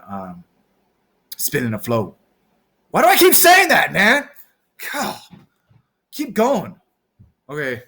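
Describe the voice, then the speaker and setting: A man's voice: mid-range voice, a bit bright. A man vlogging to his viewers, rambling goofily and freestyling rhymes off the top of his head. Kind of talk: rambling freestyle vlog chat.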